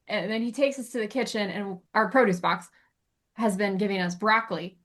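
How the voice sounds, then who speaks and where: A woman co-hosting a pet behavior podcast who tells animated stories and laughs often. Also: mid-range voice, a little fast. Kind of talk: casual chat.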